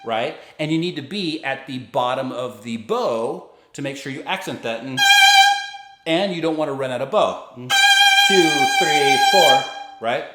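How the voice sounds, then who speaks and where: A man teaching violin, patiently explaining fingerings and bowing and counting beats out loud. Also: medium pitch, expressive, normal speed, loud music behind the voice. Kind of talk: instructional explanation. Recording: echoey room with loud violin playing.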